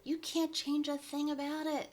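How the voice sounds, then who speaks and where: A woman's voice: high-pitched, completely flat delivery, normal speed, darkish tone. A woman in her forties, a life coach giving upbeat, encouraging advice in a chatty vlog with frequent laughs. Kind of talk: motivational vlog talk.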